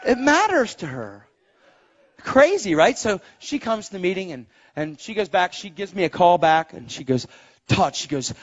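A man preaching a testimony sermon, telling stories with loud exclaims and quiet asides. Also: normal speed, some chatter behind. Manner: animated storytelling, swings between loud exclaims and low asides. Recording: dull lo-fi live recording.

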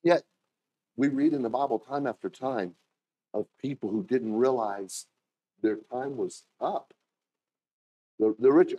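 A man preaching a sermon as pastor, telling stories and acting out quoted voices with sudden jumps in pitch. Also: measured pace, long pauses, mellow, dull audio.

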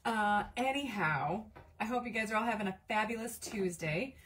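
A woman's voice: mid-range voice, normal speed, a bit bright, far from the mic, a little hiss or hum. A woman hosting a casual craft live stream from her home craft room, chatting with viewers and reading their comments aloud while she works, with lots of fillers. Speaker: livestream craft host.

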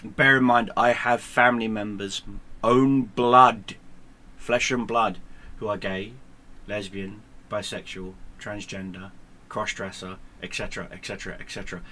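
A man's voice: lowish voice, little pitch movement, a little slow, pushed and bright, slight background noise. A man, a gaming streamer, ranting to camera in a sarcastic, combative way with heavy swearing. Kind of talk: profane angry rant to camera.

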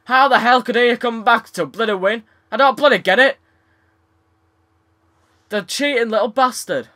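Young man, sarcastic let's play commentary, high voice, sharp tone. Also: normal speed, pauses often. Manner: frustrated, swearing, sarcastic. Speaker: gaming YouTuber.

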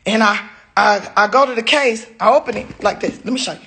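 A woman ranting into her phone camera in casual speech, swearing and breaking into high-pitched wails and shouts. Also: brisk. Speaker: comedian venting on social media. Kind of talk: ranting selfie video.

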